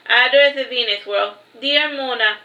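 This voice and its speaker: An author reads her own first-person tale a little slowly, her high, bright voice steady and flat apart from occasional stumbles. The recording is slightly dull and lo-fi, with a roomy echo.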